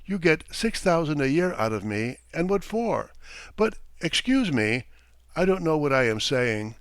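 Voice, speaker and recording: A man playing a loud drunk bitter merchant. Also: fairly high pitch, very animated, unhurried, clear, resonant tone, dry recording, voice pushed up. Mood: sullen. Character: drunk, bitter, distrustful rich male merchant. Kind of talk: audiobook character reading.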